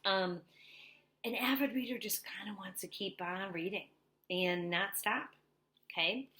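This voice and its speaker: A young woman teaching an online reading lesson to young children, animated and sing-song. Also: medium pitch. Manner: animated, sing-song, talking to little kids.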